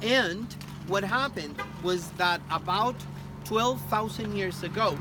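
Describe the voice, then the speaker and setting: Slow male tour guide amid traffic noise. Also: high voice. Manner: measured, explanatory. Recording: loud outdoor traffic noise.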